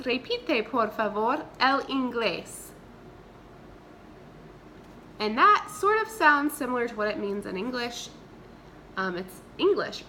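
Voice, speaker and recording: A woman's voice: mid-range voice, pushed and bright, a little hiss or hum. A woman teacher, leading a remote vocabulary lesson and having the class repeat words after her. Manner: slow, clear repeat-after-me drilling. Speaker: Spanish teacher.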